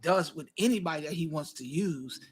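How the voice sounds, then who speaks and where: A man's voice: on the high side, brisk, crowd noise. A man with a New York accent hosting a faith talk show, teasing his guest and laughing often. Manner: hype emcee energy, teasing, laughs often. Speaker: host.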